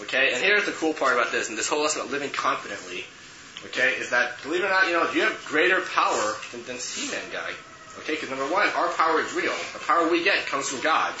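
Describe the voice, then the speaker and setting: A man's voice: mid-range voice, animated, fast. A man leading a youth group lesson in casual teaching talk, often checking in with "okay" and "right". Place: room with a group. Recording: echoey room, muffled, noisy.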